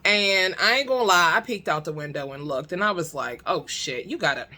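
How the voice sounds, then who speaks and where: Storyteller woman with a bright, sharp voice, blunt and laughing, casual vlog. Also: on the low side, fairly quick. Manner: animated, laughs often, blunt and profane. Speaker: storytime vlogger. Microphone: talking to her own camera.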